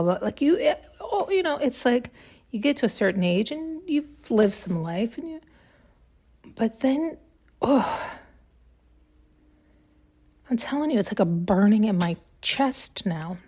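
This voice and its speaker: On her podcast, a woman with a warm, medium-pitched voice thinks out loud. The monologue is intuitive and meandering; she keeps restarting sentences and is near tears at points.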